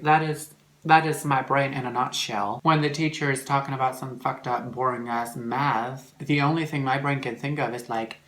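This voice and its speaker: Norwegian accent guy eating and rambling, bright voice, tons of "like", swears a lot, random loud squeaky bits. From Norway. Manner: rambling, full of "like" fillers, swearing, sudden loud shrill mocking outbursts. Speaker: vlogger. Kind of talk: casual chat while eating.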